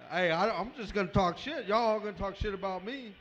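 A man's voice: sits high, fairly quick, a bit bright. A man improvising a profane roast in a pub, heckling the guests with crude insults. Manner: crude, trash-talking, heckles the crowd. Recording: echoey, dull-sounding hall recording.

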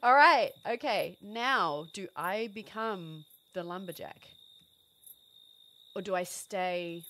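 A woman's voice: mid-range voice, takes it slowly, dry recording. A young woman streaming a game, chatting casually to her viewers and laughing often. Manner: animated, laughs often, talks to chat. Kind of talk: casual gameplay commentary.

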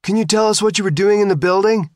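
A man's voice: fairly high pitch, very animated, fairly quick, fairly bright tone, no echo, studio quality, pitched above the performer's own voice. A man voicing pushy, insistent reporters in an audiobook. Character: reporters, pushy and shouting questions.

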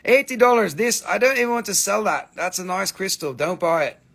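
A man with an American accent hosting a live crystal sale, chatting loosely and cracking profane jokes. His voice sits a touch high with a gravelly fry. He rambles along as he shows off each piece. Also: lively intonation, brisk, bright, forceful tone. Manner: joking, profane, rambling while showing stones. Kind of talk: casual live-stream sales chat.

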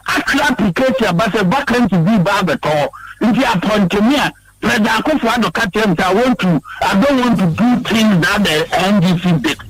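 A man's voice: sits high, lively intonation, normal speed, hardly any pauses, low-quality recording. A man with a Ghanaian accent, a regional party chairman, giving heated interview answers, emphatic and repeating himself, stammering when worked up.

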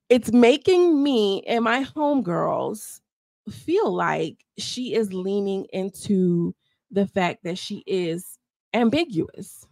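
Woman vlogger, animated chatty commentary, gravelly voice, dry close sound. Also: medium pitch, dry recording. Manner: animated, chatty, addresses viewers as y'all. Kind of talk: casual opinion commentary.

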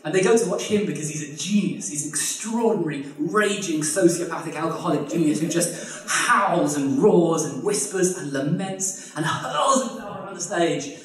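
A man telling a comic history story live, animated and exaggerated, with casual swearing. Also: fairly high pitch, normal speed. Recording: echoey room, distant mic.

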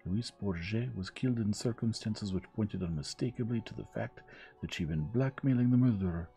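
A man's voice: fairly low pitch, vocal fry, dark tone, soft background music. A man voicing a fussy, precise older Belgian male detective who lays out his reasoning step by step. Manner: measured, explaining step by step.

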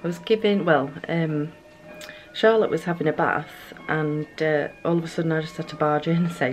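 A woman's voice: deep voice, fairly even intonation, normal speed, faint music behind. A woman, a new mother, vlogging casually at home, chatting and sometimes slipping into sing-song baby talk.

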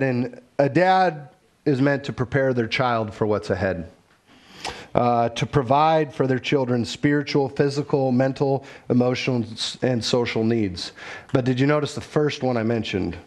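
Male pastor, relaxed sermon delivery, earnest, conversational, good for storytelling. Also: medium pitch.

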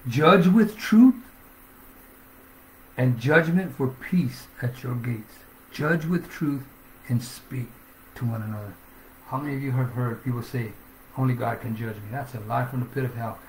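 Gravelly fervent preacher man. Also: mid-range voice, normal speed, a little mellow, a little hiss or hum. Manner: fervent, punctuates with "Amen?"; reads scripture aloud. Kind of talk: sermon. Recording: echoey room.

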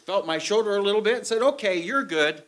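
A man's voice: high voice, expressive, fast, fairly bright tone. A man preaching a sermon, telling a story to a church congregation and acting out the scenes as he goes. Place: church sanctuary with audience. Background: audience laughter.

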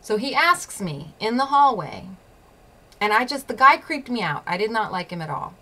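A woman's voice: fairly high pitch, big pitch swings, normal speed, sharp tone. A woman hosting her own show, telling a personal story in a blunt, profane way and laughing often. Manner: repeats phrases for emphasis. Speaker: show host.

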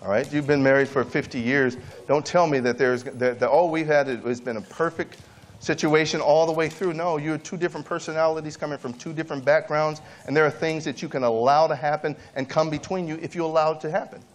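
Man, preacher at a camp meeting, slightly high voice, pleading sermon delivery with sudden quiet asides. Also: steady tone, brisk. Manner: rises to high, emphatic pleading then drops to quiet asides.

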